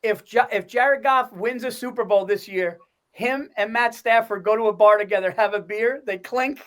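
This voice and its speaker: A man's voice: sits high, normal speed, fairly bright tone. A man co-hosting a podcast, chatting casually about football and laughing along. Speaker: podcast co-host. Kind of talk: casual sports chat.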